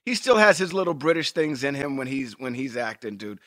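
A man co-hosting a podcast in casual chat, talking in an animated, emphatic way and swearing freely. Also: mid-range voice, fairly quick, no room sound, clean studio sound. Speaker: podcast co-host.

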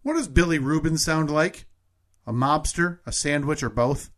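A man's voice: on the high side, moderate pace, a bit bright. Easygoing male podcast co-host. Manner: reading poll results, laughing easily. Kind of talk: casual chat.

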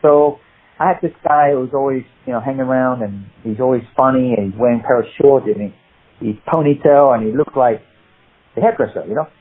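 Husky man telling stories down a phone line. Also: mid-range voice, brisk. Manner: animated storyteller, rambling. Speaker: guest, martial arts actor. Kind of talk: anecdotal interview chat.

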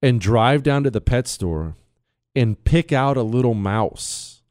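A man hosting a talk radio show from a studio, telling a story in a casual, animated way. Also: mid-range voice, takes it slowly, no echo. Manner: animated storyteller, laughs at his own tale. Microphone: studio microphone.

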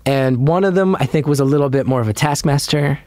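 A man's voice: mid-range voice, fast, darkish tone, no echo. Rambling self-deprecating male storyteller. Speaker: podcast guest, comedian. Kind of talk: casual storytelling chat.

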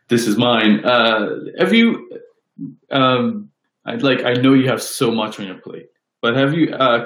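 A man's voice: medium pitch, fairly bright tone, reverberant, low-quality recording. A man interviewing a guest, asking rambling, hesitant questions with many fillers.

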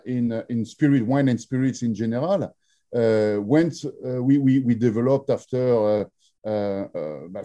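Halting French-accented man, very dark voice. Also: mid-range voice. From France. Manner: halting, many fillers and restarts. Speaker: drinks brand founder. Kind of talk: interview storytelling.

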